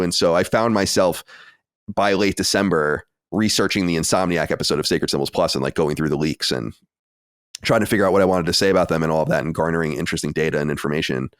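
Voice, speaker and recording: Low-voiced man telling a story. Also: fast talker, no echo, clean studio sound. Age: 30s. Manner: animated storytelling, exasperated asides. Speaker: podcast co-host. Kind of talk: casual chat.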